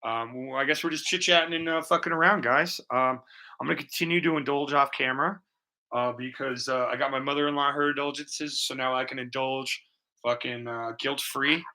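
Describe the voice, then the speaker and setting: A man's voice: medium pitch, fairly even intonation, a little fast, pushed and bright. A man hosting a painting livestream, rambling in casual, profane, jokey chat with his viewers. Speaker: livestream art host. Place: home studio.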